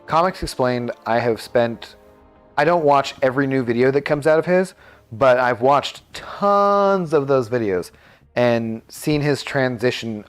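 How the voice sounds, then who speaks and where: A man's voice: medium pitch, smooth. A man streaming a game live, chatting casually and thinking aloud with lots of fillers.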